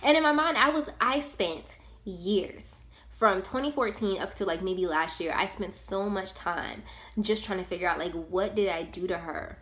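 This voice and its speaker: A young woman tells a personal story to her viewers. Her talk is casual, animated and full of slang. Her voice sits at a middle pitch. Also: moderate pace. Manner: animated, slangy and conversational, with many fillers. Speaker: vlogger. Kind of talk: storytime vlog, casual retelling.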